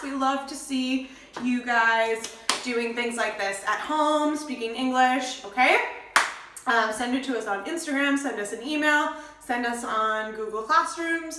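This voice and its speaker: A woman's voice: high-pitched, pushed and bright, echoey room. A young woman hosting a cooking lesson for English learners, bubbly and checking in with her viewers again and again. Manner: bubbly, checks in with "okay?" often. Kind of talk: cheerful teacher-like cooking demo.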